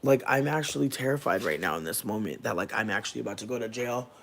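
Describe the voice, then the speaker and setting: A man's voice: lowish voice, fast, vocal fry, fairly bright tone, a little hiss or hum. A man telling an emotional storytime to his viewers, profane and rambling, full of fillers. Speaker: vlogger. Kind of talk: candid storytime rant.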